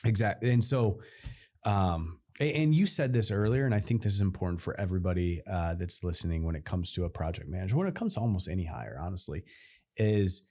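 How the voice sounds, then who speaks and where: A man's voice: low voice, animated, brisk, warm tone. A man co-hosting a podcast, chatting casually and rambling about running a business, often restarting his sentences. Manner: rambling, self-interrupting, playful. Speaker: podcast co-host.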